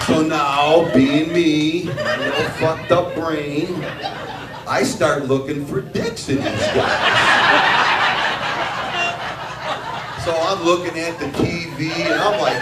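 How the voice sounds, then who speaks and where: A man's voice: on the high side, expressive, slow pace, very noisy. A man with a Detroit-area American accent doing a crude, swearing stand-up set in a bar, telling stories and acting out his wife's lines. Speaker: stand-up comedian. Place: bar with a live audience. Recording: echoey bar recording from far off with crowd.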